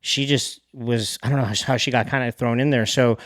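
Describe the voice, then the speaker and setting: A man's voice: medium pitch, steady tone, normal speed, fairly bright tone, no echo, studio quality. A young man hosting a podcast, telling a story in a candid, rambling way with many fillers. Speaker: podcast host. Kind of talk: casual conversation.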